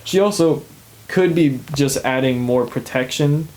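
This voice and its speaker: A man's voice: mid-range voice, a little slow, a little mellow, a little hiss or hum, poor audio. A young man co-hosting a podcast, chatting casually and laughing often as he recaps a TV episode. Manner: chatty, laughs often, acts out characters' lines. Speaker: podcast co-host.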